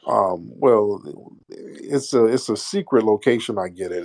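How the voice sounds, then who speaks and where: Gravelly low-voiced man hosting callers. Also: a little slow, hardly any pauses, a little mellow. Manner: mocking, profane, joking. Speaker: host of a live call-in audio room. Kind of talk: casual crude banter with callers.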